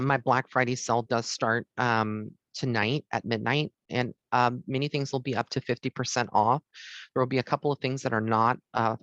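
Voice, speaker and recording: A man's voice: medium pitch, fairly bright tone, dry recording, muffled recording. A man who works as a psychic medium gives a heartfelt, rambling holiday message from his home to the camera, with many ums.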